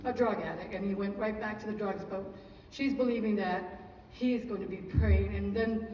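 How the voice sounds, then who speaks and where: A woman's voice: mid-range voice, steady tone, moderate pace, a little mellow, a little hiss or hum. A woman giving an emotional church testimony, telling her story earnestly and praising God between sentences, recorded from far off in an echoey church hall.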